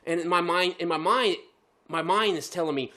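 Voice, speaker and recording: A man's voice: high voice, normal speed, noisy background. A man telling a story on a podcast in casual chat, laughing often and swearing heavily.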